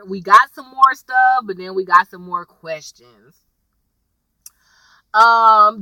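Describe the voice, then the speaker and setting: A woman's voice: mid-range voice, sharp tone, no echo, far from the mic, low-quality recording. A young woman chatting casually as she recaps a TV episode, slangy and storytelling. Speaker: TV episode reviewer.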